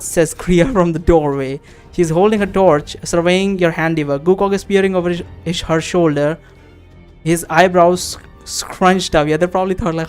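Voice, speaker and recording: A game streamer plays a text adventure, reading its passages aloud and chatting casually in between, swearing offhandedly as he thinks aloud in let's-play commentary. His voice is fairly high and fairly even in intonation, a little slow with a clean tone, over soft background music.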